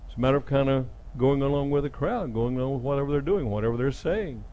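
A man's voice: medium pitch, fast talker, lo-fi sound, a little hiss or hum. A middle-aged man preaching a sermon, retelling scripture dramatically and voicing the people in it. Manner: dramatic retelling, acting out speakers with sudden loud jumps.

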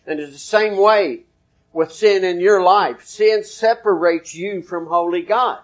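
At a measured pace, a male preacher delivers a folksy, easygoing, conversational sermon, referencing chapter and verse throughout. His voice sits fairly high for a man.

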